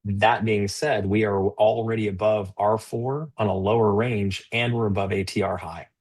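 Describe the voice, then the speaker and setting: Male live-stream trading host, low and slightly husky, loose conversational delivery with frequent restarts. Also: fairly even intonation, moderate pace, a little mellow. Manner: conversational, with many fillers and restarts; stern and scolding toward a rude chatter. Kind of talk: live-stream market commentary.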